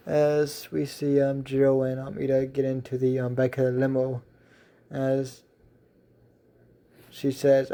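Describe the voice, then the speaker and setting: A man reading his self-written fan story aloud as narrator, halting with many ums and restarts. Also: mid-range voice, completely flat delivery, warm tone.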